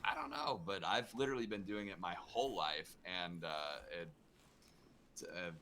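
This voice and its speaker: Lively low-voiced man, bright tone. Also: a little hiss or hum. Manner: animated, laughing, quick bursts. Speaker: voice actor guest. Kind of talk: casual panel chat.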